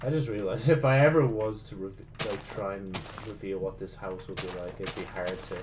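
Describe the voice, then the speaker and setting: A man hosting his own gaming channel, giving casual gameplay commentary, excitable and swearing often as he talks to himself. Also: low voice, fairly quick, over music.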